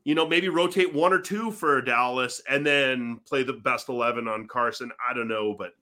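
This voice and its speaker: Bright-voiced man rambling through his opinion. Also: medium pitch, normal speed. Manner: rambling, many "you know" fillers. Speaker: podcast co-host. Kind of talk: casual sports podcast chat.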